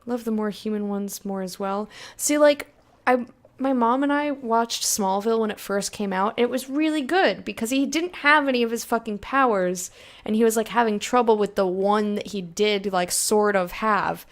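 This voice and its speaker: At a medium pitch and moderate pace, a young woman chats casually with viewers while streaming a game. Laughter comes often, and she reads in-game text out loud as part of her let's-play chatter.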